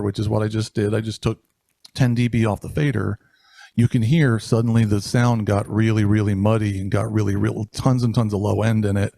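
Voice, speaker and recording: A man's voice: mid-range voice, vocal fry, a little mellow, no room sound, clean studio sound. A man teaching live sound, casually explaining a mixing console as he talks into a handheld microphone held at varying distances. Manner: casual, rambling with restarts and fillers. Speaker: audio engineer instructor. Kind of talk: live-streamed technical demonstration. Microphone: handheld dynamic mic moved near and far.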